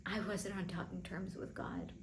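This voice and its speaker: A young woman vlogger telling a painful personal story, emotional and halting, with frequent restarts. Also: fairly low pitch, little pitch movement, noisy background.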